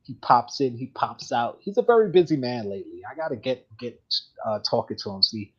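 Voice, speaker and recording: A man hosts a live collectibles show, chatting casually and rambling while laughing often. His mid-range voice is very animated, fairly quick and a little mellow. The stream audio is dull and lo-fi.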